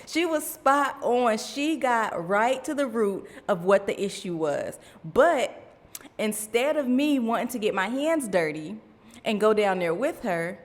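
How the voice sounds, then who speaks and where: A woman's voice: mid-range voice, lively intonation, measured pace, big-room sound. A woman in her thirties hosting a faith podcast, telling a personal story in a chatty way, talking straight to her listeners and laughing at herself. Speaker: podcast host.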